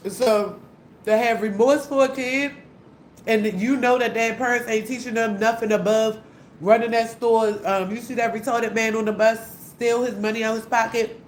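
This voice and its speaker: Over a faint hum in an echoey room, a young female vlogger rants bluntly and angrily, cursing constantly and repeating her points. She speaks at normal speed with a fairly high pitch and a steady tone.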